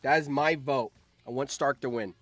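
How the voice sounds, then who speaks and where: A young man streaming, reacting to a game, excitable and swearing, with sudden shouts. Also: mid-range voice, moderate pace, dry recording, soft background music.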